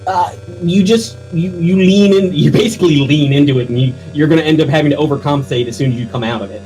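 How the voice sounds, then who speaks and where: A man's voice: a little high, fast, darkish tone, slight background noise, poor audio. A man co-commentating a game race casually, explaining how the game works. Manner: explanatory, chuckling asides. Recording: faint game music behind.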